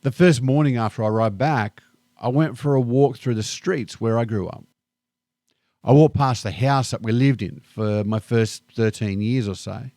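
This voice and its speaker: A middle-aged Australian man with an Australian accent, reflecting calmly and thoughtfully in a personal vlog monologue. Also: mid-range voice, no room sound, clean studio sound. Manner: calm, unhurried and thoughtful. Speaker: vlogger.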